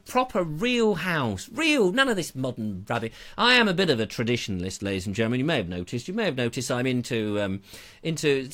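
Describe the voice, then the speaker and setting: Give me a theatrical middle-aged man hosting a live chat show, very animated. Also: sits high. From England. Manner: theatrical, ranting, with sound effects and asides. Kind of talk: rambling live-stream chat.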